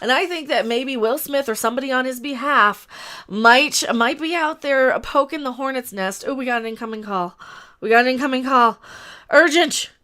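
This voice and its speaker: A woman hosting a casual opinion livestream, blunt and ranting, with quick asides. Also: sits high, sharp tone. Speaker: livestream host.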